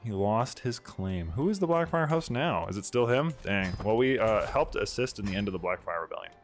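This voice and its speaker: A man chatting casually over his gameplay, excitable and slangy, with quick asides to his viewers. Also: on the low side, soft background music. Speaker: gameplay streamer.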